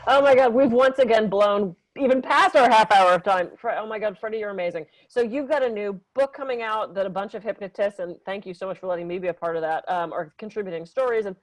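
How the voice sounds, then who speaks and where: A woman's voice: medium pitch, no echo, low-quality recording. A woman hosting a podcast interview, chatting casually and praising her guest effusively. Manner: effusive and emotional, quick to praise. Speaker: podcast host.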